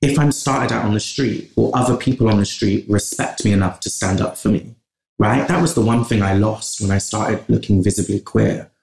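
A man's voice: on the low side, normal speed, creaky, darkish tone. A man from in England, a podcast guest talking passionately in long runs with restarts. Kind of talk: conversational interview. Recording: roomy echo.

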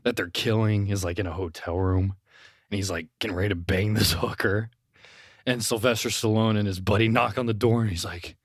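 The recording is studio quality and echo-free: a young man co-hosting a podcast, his fairly low voice steady, brisk and slightly rough. He tells a rambling story full of laughter and offhand crude swearing.

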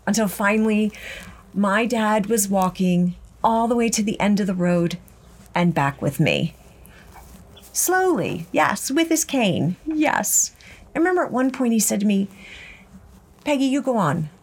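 A middle-aged woman hosting a walking podcast outdoors, telling a personal story in a gentle, reflective way. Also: mid-range voice, animated, measured pace. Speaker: podcast host. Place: outdoors on a ranch trail.

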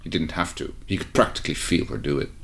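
A man reading a fan fiction story aloud in a relaxed way, with short asides to his co-reader. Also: extremely low pitch, fast talker, vocal fry. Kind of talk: casual read-aloud narration.

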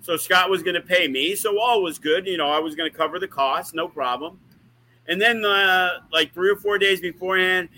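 A man's voice: high-pitched, moderate pace, pushed and bright, rough recording. A man who is a wrestling promoter, telling rambling, profane stories in a casual podcast chat. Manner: profane, rambling, uses lots of fillers.

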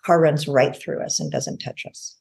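Lowish gravelly woman on a podcast, telling a story with lots of quoted voices. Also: normal speed. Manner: lively storyteller, acts out quoted speech. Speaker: guest healer. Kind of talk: animated storytelling in a podcast interview.

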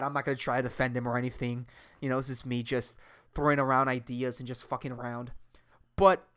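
A woman's voice: sits low, fairly bright tone. A woman hosting a comedy podcast, rambling with crude slang and frequent laughter. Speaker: podcast host. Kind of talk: casual comedic monologue.

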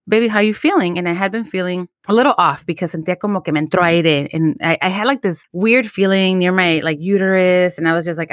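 Candid storytelling woman, lower voice. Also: a bit bright, no echo, studio quality. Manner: candid storytelling with Spanish phrases and swearing. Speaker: podcast co-host. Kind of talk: casual chat.

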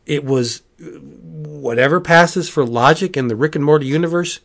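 A man hosting a casual comic book review podcast, rambling and animated, with frequent asides and restarts. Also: fairly high pitch, moderate pace, vocal fry. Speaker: podcast host.

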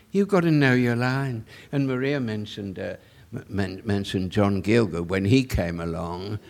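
A man's voice: mid-range voice, vocal fry. An older man, an author telling anecdotes at a public Q&A, often stammering and repeating words. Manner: stammering repetitions, chuckling asides. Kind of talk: anecdotal storytelling.

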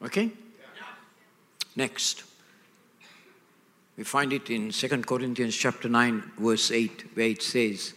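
A man's voice: medium pitch, steady tone, slow, pauses often, sharp tone. An older man preaching a sermon emphatically, checking in with his listeners through call-and-response questions. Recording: echoey hall.

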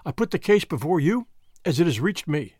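Spoken by a male audiobook reader, an earnest young man of a secret society pleads and commands with lively swings in his voice. He is close and dry on the recording, slightly higher-pitched than most men. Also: brisk, husky, no room sound. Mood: solemn, grave. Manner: earnest, forceful pleading and solemn speechmaking.

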